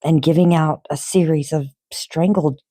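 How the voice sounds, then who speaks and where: A woman reading a novel aloud in an expressive, unhurried storybook manner. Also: low-pitched, no echo, clean studio sound.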